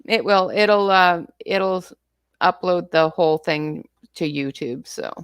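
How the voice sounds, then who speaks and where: A woman's voice: on the low side, measured pace, smooth, no room sound. A woman with a Canadian accent co-hosting a casual live stream, laughing often and talking in a friendly, hesitant way. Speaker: co-host of a coloring live stream.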